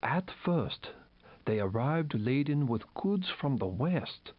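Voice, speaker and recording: An actor playing a grumpy, stingy male market trader in a video game, speaking in a gruff, grumbling way. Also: medium pitch, big pitch swings, slow, no echo. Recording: dull, dry lo-fi game audio.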